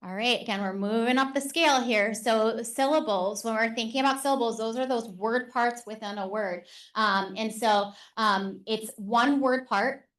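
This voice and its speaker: A woman teacher presents a live workshop to parents and educators, her voice sitting a little high. She talks in a lively, chatty way, often pausing on "um" as she explains. Her audience is in the room with her. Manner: animated and conversational, with frequent "um" fillers.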